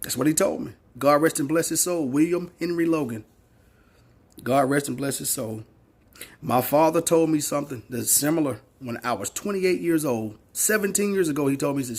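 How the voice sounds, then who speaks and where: Husky blunt-talking man in his forties. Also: a little high, moderate pace. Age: 40s. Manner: blunt, preachy, repeats points for emphasis, swears. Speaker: social media commentator. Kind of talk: opinion monologue to camera.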